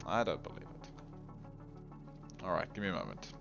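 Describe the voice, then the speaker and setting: A lower-voiced man chats his way through a game, his pitch jumping about as he grumbles at the game and laughs at himself. The recording is a little dull and lo-fi, with faint music underneath. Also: sing-song, normal speed, vocal fry, a bit bright. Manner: chatty, exasperated at the game, laughs at himself, hums tunes. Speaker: gameplay commentator. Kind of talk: casual let's-play commentary.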